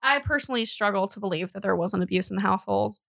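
A woman's voice: medium pitch, quick pace, gravelly, fairly bright tone, no room sound. A young woman co-hosting a podcast, telling a true-crime story in a chatty way, with lots of fillers and self-corrections. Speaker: podcast co-host.

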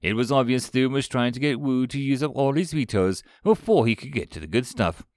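A man narrating a science fiction story in an expressive, animated reading style. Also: mid-range voice, brisk, no room sound, studio quality.

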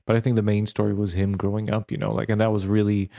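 A man with a somewhat low voice co-hosts a casual film podcast. He talks animatedly, laughing often and restarting his sentences. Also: level tone, fast talker, creaky, mellow. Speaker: podcast co-host. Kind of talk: casual movie discussion.

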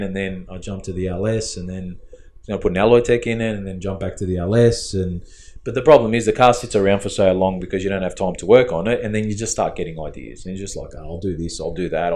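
A man's voice: low-pitched, quick pace, darkish tone. A man with an Australian accent, co-hosting a casual podcast chat and telling a long rambling story, acting out the quoted dialogue. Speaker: podcast co-host, fabricator and tuner.

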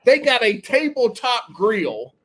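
A young man with a Southern accent, talking in a high voice that swings up and down a lot. He swears freely and rants with drawling slang, a rowdy guest on a chat podcast. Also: sing-song, slow, husky. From South Carolina. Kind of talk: casual chat.

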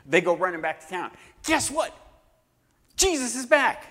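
Animated preacher man in a reverberant hall. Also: high voice, measured pace. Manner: animated, acting out quoted voices. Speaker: pastor. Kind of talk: sermon.

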